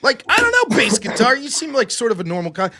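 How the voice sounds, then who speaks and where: A man's voice: extremely high pitch, big pitch swings, quick pace, pushed and bright. A man in a casual debate, talking profanely and telling stories with animation.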